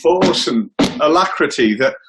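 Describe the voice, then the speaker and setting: A man hosting a comedy session over a video call, chatting casually in a brisk, matter-of-fact way. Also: fairly high pitch, huge pitch swings, gravelly, over loud music, poor audio. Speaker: comedy club host. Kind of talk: casual chat.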